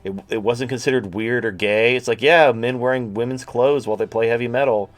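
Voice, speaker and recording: A man's voice: mid-range voice, steady tone, fairly quick. A man hosting a livestream, talking in a crude, rambling, sarcastic way. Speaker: host. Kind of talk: casual livestream talk.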